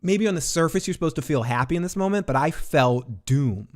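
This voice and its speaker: A man giving a casual, rambling spoiler recap of a TV episode in his apartment, excitable and swearing, his pitch jumping when he gets worked up. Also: fairly quick. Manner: rambling, restarts often. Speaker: TV recap reviewer.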